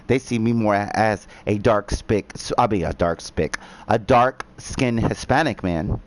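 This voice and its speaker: A man from New Jersey chatting casually while gaming, talking in halting starts with many fillers and restarts. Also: fairly low pitch. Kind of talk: casual chat.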